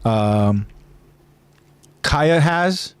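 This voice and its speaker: A man's voice: on the high side, expressive, drawn-out words, clean tone, no echo. A man hosting a podcast in casual chat, rambling with many fillers and restarts. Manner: rambling, filler-heavy, hesitant. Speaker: podcast host.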